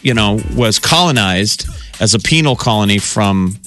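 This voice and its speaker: Bright-voiced wry radio host. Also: male voice, on the low side, expressive, moderate pace, faint music behind. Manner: wry, musing, asks rhetorical questions. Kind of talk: casual morning radio banter.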